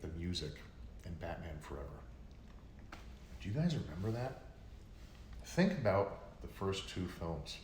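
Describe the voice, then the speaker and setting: A man with a somewhat low voice hosts a casual livestream, rambling and cursing freely as he gets worked up. He sounds like he is in an echoey room, with a faint hum of noise behind him. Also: very animated, a little slow, pauses often, darkish tone. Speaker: livestream host. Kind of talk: casual chat with viewers.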